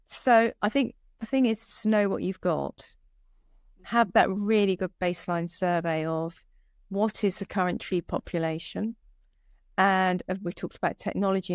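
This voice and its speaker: A woman's voice: on the low side, clear, resonant tone, no room sound, clean studio sound. A woman, a guest arborist, giving earnest, practical answers in a conversational interview. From United Kingdom.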